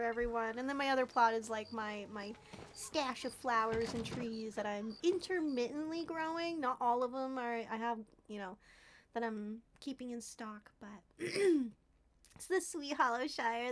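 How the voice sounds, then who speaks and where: A young woman livestreaming a cozy game, talking sweetly and gushing to her chat, with soft laughs and frequent throat clearing. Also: high voice, unhurried. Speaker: streamer. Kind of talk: casual gameplay livestream chat. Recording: faint background noise.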